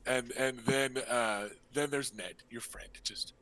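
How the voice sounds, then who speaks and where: Male game master, casual narration, bright voice, mid-pitched, lots of fillers. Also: takes it slowly. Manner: relaxed, full of fillers.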